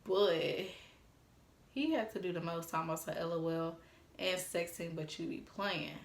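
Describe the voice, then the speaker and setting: A woman's voice: on the low side, measured pace, creaky, echoey room. Sassy, blunt woman in her twenties. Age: 20s. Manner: blunt, sassy, swears freely. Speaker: storytime vlogger. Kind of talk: casual storytime vlog.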